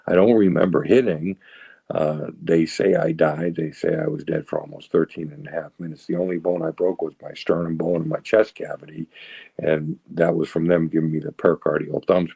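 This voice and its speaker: Gravelly low-voiced older man. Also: warm tone, dry recording. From south of Boston, USA. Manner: rambling, earnest, frequent "right?" and "you know". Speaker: guest sharing recovery story. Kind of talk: storytelling, candid testimony.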